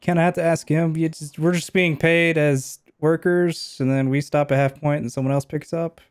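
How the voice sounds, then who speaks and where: A man's voice: a little high, fairly even intonation, normal speed, clean tone, voice pushed up, natural voice. A man voicing a captured hired thug who gives short, evasive answers. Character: surly hired thug captive, male adult.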